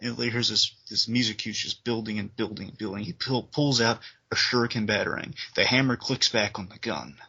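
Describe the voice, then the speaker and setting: Male co-host, eager storyteller, bright forceful voice, dull lo-fi sound. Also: medium pitch, husky. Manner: enthusiastic, retells scenes with sound effects. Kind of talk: casual review chat.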